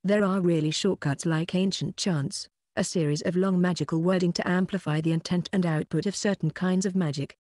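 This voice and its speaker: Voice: mid-range voice, steady tone, a little fast, few pauses, darkish tone, no room sound, natural voice. An audiobook narrator voicing a cocky young male wizard student, dry and wry.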